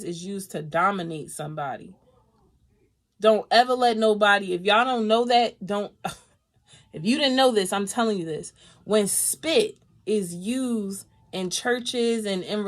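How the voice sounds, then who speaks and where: A woman doing a live tarot reading, talking in a lively, casual way, swearing freely and laughing often. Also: medium pitch. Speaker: tarot reader.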